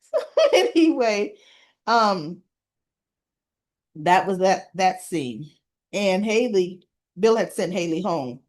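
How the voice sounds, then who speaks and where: A woman's voice: mid-range voice, sing-song, slow, pauses often. A woman casually retelling soap opera scenes to her viewers, chatty and informal. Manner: chatty storytelling, retelling scenes with quoted dialogue. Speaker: soap opera recap vlogger. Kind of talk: casual spoken episode recap.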